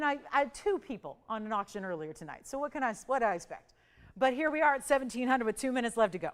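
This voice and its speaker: A woman hosting a live TV jewelry sale, chatty and jokey, running auction countdowns with sudden excited jumps in her voice, recorded in a TV studio on a lapel mic. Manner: chatty, animated, jokey, pitch swings up for countdowns. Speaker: shopping channel host.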